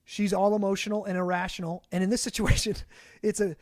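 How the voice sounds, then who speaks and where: A man's voice: high-pitched, flat delivery, fast talker, a little mellow, dry recording, clean studio sound. A young man co-hosting a casual podcast, talking in a rambling way with many restarts and fillers. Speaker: podcast co-host.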